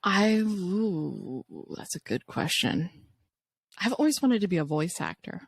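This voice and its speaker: A woman's voice: fairly low pitch, sing-song, measured pace, gravelly, slightly rough, no echo. A woman co-hosting a casual podcast chat, talking frankly and swearing freely. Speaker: co-host.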